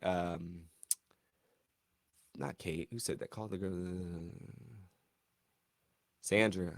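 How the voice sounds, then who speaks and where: Male reviewer, casual recap commentary, slightly low pitch, dry close mic, animated delivery. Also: no room sound. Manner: animated, mimics cast members in high voices. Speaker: show reviewer.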